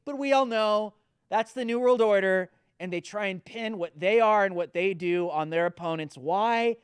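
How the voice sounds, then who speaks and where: A man's voice: high-pitched, moderate pace, clear, resonant tone, dry recording. A man hosting a political commentary show, talking in a sarcastic, mocking way. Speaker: host.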